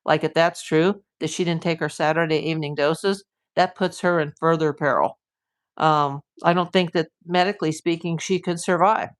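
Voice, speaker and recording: A woman's voice: deep voice, steady tone, moderate pace. A woman hosting a live stream as a private investigator, talking through a case with emphatic, indignant rhetorical questions. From USA.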